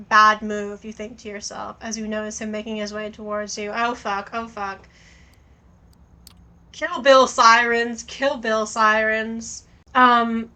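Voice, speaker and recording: A woman streaming a story game, reading its text aloud and thinking out loud in a casual way, with plenty of swearing. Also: on the high side, rough recording.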